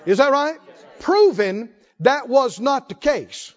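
A man's voice: very high voice, expressive, slow pace, lo-fi sound. A man preaching a sermon, asking questions and answering them in a folksy, call-and-response way.

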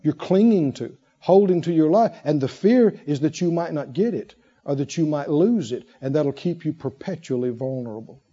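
A man preaching a sermon in an emphatic way, full of rhetorical questions and long drawn-out pauses. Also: on the high side, expressive, dark tone, slightly rough, muffled recording. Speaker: pastor.

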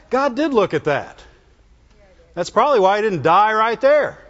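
A man's voice: a little slow, long pauses. A male preacher giving a conversational sermon, asking the congregation questions as he goes. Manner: conversational, asks the congregation questions, animated pitch jumps. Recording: dull lo-fi sound, long church reverb.

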